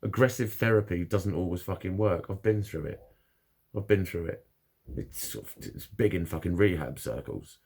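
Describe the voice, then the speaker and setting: A man's voice: sits low, normal speed, vocal fry, darkish tone, husky. A man talking frankly and bluntly in a casual monologue, swearing constantly as he opens up about his own experiences. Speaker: vlogger.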